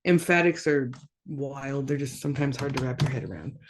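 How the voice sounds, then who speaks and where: A language teacher giving a casual online lesson, repeating each word slowly and carefully and dropping in relaxed asides between examples. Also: mid-range voice, background noise. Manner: slow, careful repetition of words with casual asides.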